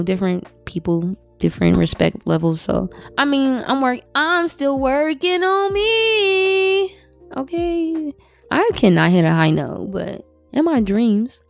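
Woman podcast host, blunt and profane, casual advice chat, jumps into high squeals, faint music behind. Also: vocal fry, a little mellow.

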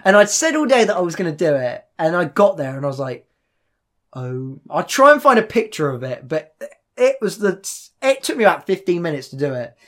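A man's voice: sits high, a little fast. A young man in his twenties, a podcast host, telling a story in casual chat, swearing often and tripping over his words. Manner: animated storytelling, swears a lot, stumbles and repeats.

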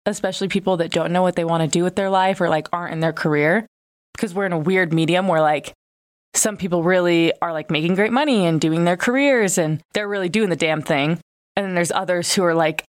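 A woman of twenty-five hosts a casual podcast in a congested, nasal voice from a broken nose. She sits a touch lower in pitch than most women. Her talk is candid and chatty, full of fillers and swearing. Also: brisk. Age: 20s. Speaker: podcast host. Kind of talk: casual chat.

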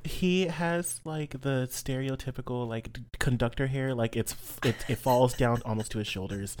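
Co-host, male, mid-pitch, lively and gossipy, fast asides between friends. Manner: animated, gossipy, quick asides. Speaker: podcast co-host and player. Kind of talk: casual chat.

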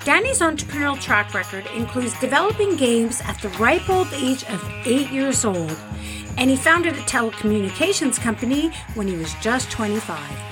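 A woman's voice: high voice, very animated, moderate pace, over music. A woman hosting a branding podcast, reading a scripted intro and then chatting upbeat with a guest. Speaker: podcast host. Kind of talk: scripted intro then casual interview chat.

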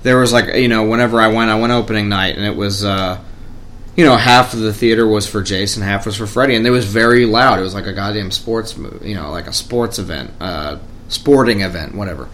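A man co-hosting a podcast, chatting in a relaxed way, laughing along and trailing off mid-sentence. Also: on the low side, fairly quick. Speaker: podcast co-host. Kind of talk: casual chat. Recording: echoey room with faint music.

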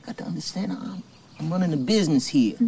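An actor playing a cold, domineering plantation owner who speaks with slow, measured menace, heard in film audio. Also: male voice, fairly high pitch, expressive, gravelly, noisy background. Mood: menacing. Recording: distant film soundtrack audio.

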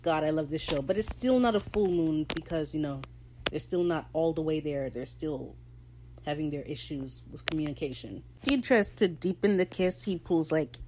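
A woman hosting a casual solo podcast recap, chatting in a gushing, excitable fan manner. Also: low-pitched, moderate pace, background noise. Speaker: podcast host.

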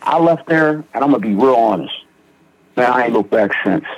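A young man from Philadelphia, a guest in recovery, shares his personal testimony in conversation, using slang and restarting often. His medium-pitched voice is expressive and brisk, on a muffled recording with no echo.

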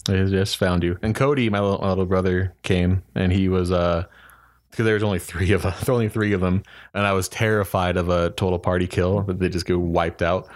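A young man co-hosts a casual podcast chat. His voice is low, and he talks in a laid-back way with easy laughs. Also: little pitch movement, brisk. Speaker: podcast co-host, game master.

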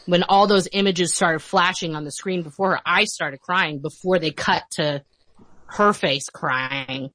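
Low-voiced woman retelling film scenes. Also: no echo. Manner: animated retelling, quick laughs, acts out quotes. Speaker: podcast guest. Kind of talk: casual film chat.

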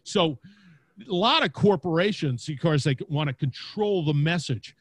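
Booming, energetic man, slightly high voice. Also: moderate pace, slightly rough, no room sound. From Louisiana, United States. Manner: big booming voice, energetic, laughs often. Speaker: podcast host and guest. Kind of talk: casual interview chat. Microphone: podcast mic.

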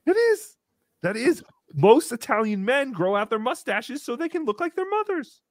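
A man in his thirties hosting a livestream, reading donations and joking around in a casual, animated way. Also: very high-pitched, normal speed, no room sound, studio quality. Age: 30s. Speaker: livestream host.

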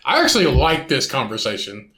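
A man's voice: mid-range voice, brisk, echoey room. A man co-hosting a podcast in casual chat, joking around and swearing. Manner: jokey, animated, swearing. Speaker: podcast co-host.

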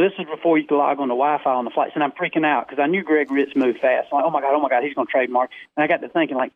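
A man, a radio guest on the phone, telling a story in a lively way with quick restarts. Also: a little high, dry recording. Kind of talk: animated storytelling. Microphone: telephone. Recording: tinny dry phone line.

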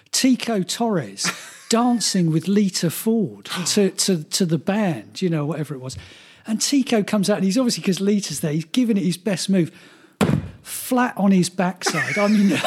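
Husky, high-voiced man telling stories. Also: darkish tone. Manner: rambling, laughing storyteller with restarts. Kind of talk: casual chat, storytelling.

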